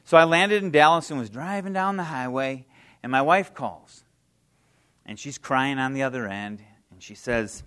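A man's voice: medium pitch, moderate pace, fairly bright tone, smooth. Earnest middle-aged man giving testimony. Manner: earnest, heartfelt storytelling, emotional; plain conversational phrasing with fillers. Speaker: guest speaker. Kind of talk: personal testimony speech.

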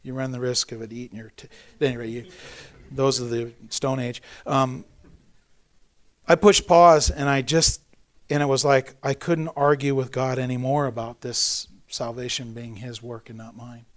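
Here a middle-aged pastor preaches at a moderate pace and medium pitch. He keeps things conversational and funny, poking fun at himself and telling stories with plenty of animation.

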